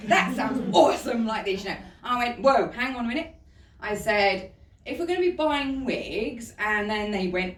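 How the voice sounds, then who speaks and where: A woman tells a personal story to an audience in a chatty, warm way, laughing often. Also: fairly high pitch, sing-song, normal speed, a little hiss or hum. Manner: chatty, laughing often, says "you know" a lot. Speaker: speaker giving a talk. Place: event hall. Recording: roomy hall, voice from far off.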